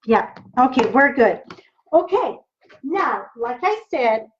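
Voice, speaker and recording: A woman's voice: high-pitched, big pitch swings, slow, highs cut off, a little hiss or hum. A middle-aged French Canadian woman with a French accent, chatting with viewers while demonstrating card making, thinking aloud as she works. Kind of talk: live-streamed crafting demo.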